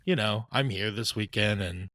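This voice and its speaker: A man's voice: lowish voice, normal speed, fairly bright tone, dry recording. A man co-hosting a podcast, talking in a reflective, easygoing way. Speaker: podcast co-host. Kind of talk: casual podcast chat.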